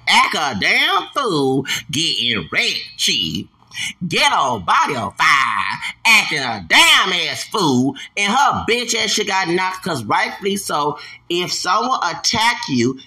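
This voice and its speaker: A man with a higher-than-usual, very sharp and tense voice rants on his podcast. He is profane and heated, circling back to the same phrases again and again like a chant. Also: very animated, unhurried, husky. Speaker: podcast host. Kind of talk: ranting podcast monologue.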